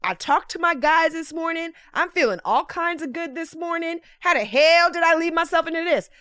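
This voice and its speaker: A woman vlogger telling a story in a casual monologue, animated and profane, often breaking into laughter. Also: very high-pitched, normal speed, dry recording, studio quality. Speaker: lifestyle vlogger.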